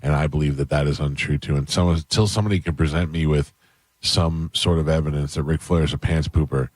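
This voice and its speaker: A man hosting a radio show, delivering mock-serious, deadpan banter. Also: a bass voice, a little fast, dry recording. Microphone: studio microphone. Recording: dry studio sound with faint music.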